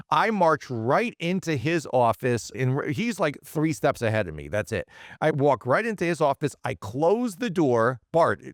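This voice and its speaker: A man in his forties tells a story as a podcast guest, acting out every quote. His pitch swings widely as he goes, and the sound is close and dry. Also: no room sound. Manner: animated, acts out quotes. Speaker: podcast guest, automotive CEO. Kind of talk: storytelling in casual interview.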